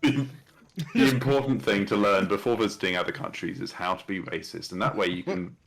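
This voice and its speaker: A man's voice: sits low, fairly even intonation, a little fast, creaky, fairly bright tone, a little hiss or hum. A man co-hosting a charity stream, chatting casually and making dry jokes. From Scotland. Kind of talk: casual chat.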